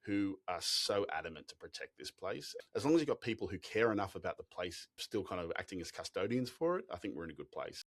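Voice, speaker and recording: An Australian man telling travel stories in a casual interview, animated, with frequent restarts and bursts of laughter. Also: low-pitched. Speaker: expedition company founder, guest.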